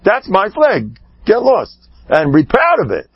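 A rabbi giving an animated sermon, swinging between shouting and hushed asides, with Yiddish and Hebrew words woven in. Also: male voice, high voice, moderate pace, slightly rough, no room sound, muffled recording. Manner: peppers speech with Yiddish and Hebrew terms. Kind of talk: sermon storytelling.

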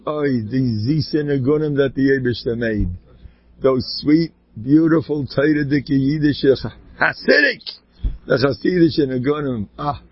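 A man giving an informal inspirational talk full of stories, with an animated delivery that swoops up high and then drops to quiet asides. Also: breathy edge. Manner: animated, swooping pitch, sudden quiet drops, laughs between points. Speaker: inspirational speaker. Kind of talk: informal Jewish ethical talk with storytelling. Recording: dull lo-fi dry recording.

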